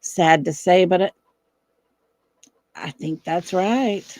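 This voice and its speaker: A woman's voice: on the low side, slow pace, a little mellow, dry recording. Chatty woman livestreaming from home. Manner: chatty, talks to her dog in between. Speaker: livestream host. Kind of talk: casual live chat with viewers. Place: home, indoors.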